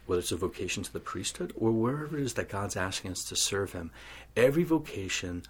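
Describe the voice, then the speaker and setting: A man's voice: on the low side, animated, fast talker, a little hiss or hum. A man earnestly telling a personal faith story as an interview guest, acting out the voices in it. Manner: earnest storytelling, acts out quoted dialogue.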